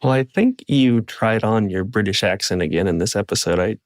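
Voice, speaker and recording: Brief: easygoing Midwestern man, low-set voice, close dry sound. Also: brisk, no echo. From American Midwest. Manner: easygoing, brief affirmations and laughs. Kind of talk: casual chat.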